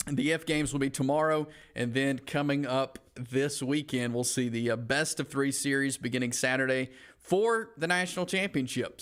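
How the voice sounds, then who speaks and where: A man's voice: mid-range voice, a bit bright. A man with a Southern American accent hosting a sports talk show, chatting casually with frequent fillers. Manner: conversational, many "uh" fillers.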